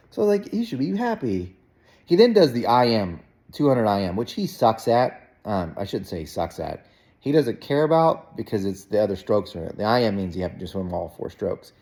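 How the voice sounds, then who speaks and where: Man, casual storyteller dad, low-pitched, rambling with restarts. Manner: rambling, animated, jumps to a high voice when quoting himself. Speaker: parent vlogger.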